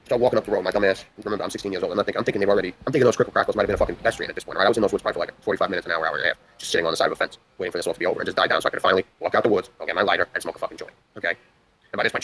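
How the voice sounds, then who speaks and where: A man's voice: sits low, fairly even intonation, very fast, fairly bright tone, a little hiss or hum, rough recording. A young man from the New York area tells a long story on a livestream. He talks in a rambling, intense way and swears a lot. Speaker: livestream host.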